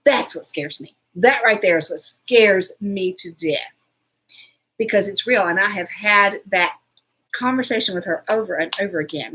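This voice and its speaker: A woman hosting a casual live chat, telling a story in a chatty, animated way and answering viewers. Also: mid-range voice, normal speed, breathy edge. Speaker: show host.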